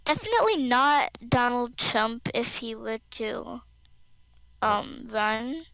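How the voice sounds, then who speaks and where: A young girl answering questions slowly and hesitantly in a casual chat. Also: a little high, sing-song, gravelly, a bit bright, no room sound, rough recording.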